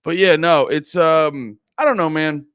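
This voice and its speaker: A man's voice: on the high side, unhurried, fairly bright tone, clean tone, no room sound. Male podcast host, groggy, rambling and profane, reads chat aloud, dry close sound. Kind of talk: casual livestream chat.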